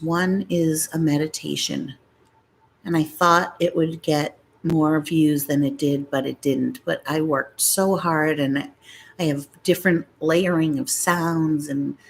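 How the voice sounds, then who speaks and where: A woman's voice: sits low, slightly rough, low-quality recording. A middle-aged woman chatting casually and rambling to her viewers on a live stream. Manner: rambling, talks straight to viewers. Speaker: mukbang vlogger.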